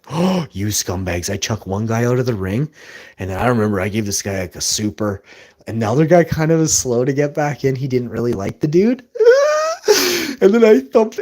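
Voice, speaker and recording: A man telling rambling, boastful stories as a live streamer, with bursts of loud laughter. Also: sits low, slightly rough. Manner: boastful, rambling, laughs loudly mid-story. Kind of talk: rambling storytelling.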